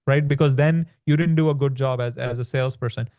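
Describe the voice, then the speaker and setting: Brief: male podcast guest, fairly high and smooth voice, chatty explainer, dry close sound. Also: fairly quick, darkish tone, dry recording. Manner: explanatory, peppers speech with "like" and "right?". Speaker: podcast guest, land business author. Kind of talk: conversational podcast interview.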